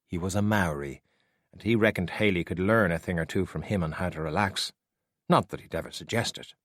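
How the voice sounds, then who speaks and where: Brief: low, husky male narrator, dry close recording, dramatic audiobook reading. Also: dry recording. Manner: expressive, dramatic storytelling.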